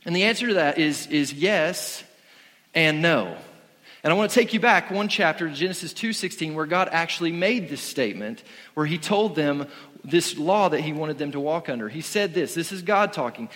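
A man's voice: on the high side, expressive, a little fast, fairly bright tone, big-room sound. A man preaching a sermon in an earnest, conversational way, often restarting his sentences. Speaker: pastor.

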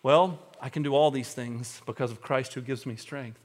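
A man preaching a sermon as a pastor, talking earnestly and swinging between hushed, confessional moments and fervent emphasis. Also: medium pitch, steady tone, moderate pace.

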